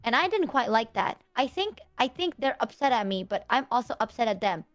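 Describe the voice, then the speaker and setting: Explaining herself in a casual chat, a female streamer sounds earnest and rambling, leaning on fillers and repeating what she said. Her pitch sits on the high side, and her brisk speech has a sing-song lilt.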